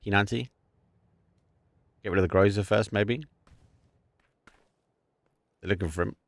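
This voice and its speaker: Excitable low-voiced male esports caster. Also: a little slow, vocal fry, dry recording. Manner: excitable, bursts into shouts and laughter at big plays. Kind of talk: live play-by-play commentary.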